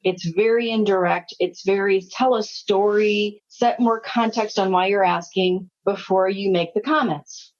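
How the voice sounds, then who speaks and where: A woman in her sixties, a leadership consultant, telling anecdotes in an interview and acting out the dialogue. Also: mid-range voice. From United States. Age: 60s. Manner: anecdotal, animated, acts out quoted dialogue. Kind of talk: storytelling interview talk. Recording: slightly muffled audio.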